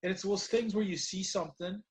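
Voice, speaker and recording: Recapping wrestling matches as a podcast co-host, this man rambles casually and laughs a lot. He talks briskly in a high-pitched voice.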